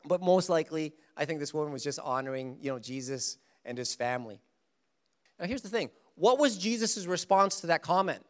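Male pastor, sermon, fairly high voice, rhetorical questions, long hall reverb. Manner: animated preaching, rhetorical questions, slows for emphasis.

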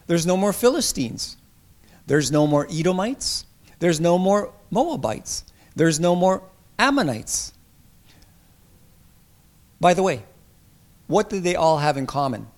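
Guy preaching a sermon, bit high voice, punchy, reads verses slow. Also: animated. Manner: emphatic, asks the congregation questions; reads scripture aloud slowly. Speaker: pastor.

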